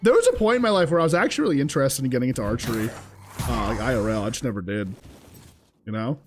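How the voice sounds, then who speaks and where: A man's voice: medium pitch, animated, rapid-fire, soft background music. Chatty young man streaming a game. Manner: chatty, swears freely, talks to chat. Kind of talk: casual gameplay commentary.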